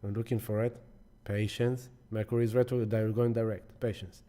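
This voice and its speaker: A man's voice: on the low side, flat delivery, normal speed, mellow. Effusive man hosting a live stream. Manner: effusive and affectionate, greeting viewers by name; rambling, with many restarts and repeated words. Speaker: astrology live stream host. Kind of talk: casual live stream talk to viewers.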